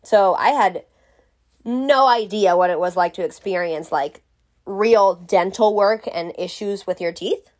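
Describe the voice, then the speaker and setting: A woman's voice: medium pitch, measured pace, a little mellow. A young woman telling a storytime vlog in a blunt, exasperated, profane way. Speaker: vlogger.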